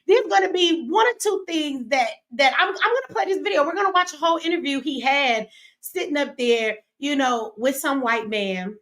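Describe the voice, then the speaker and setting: Woman, livestream host, casual commentary, brash, joking, swears freely, slightly high voice. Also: a bit bright. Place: home studio.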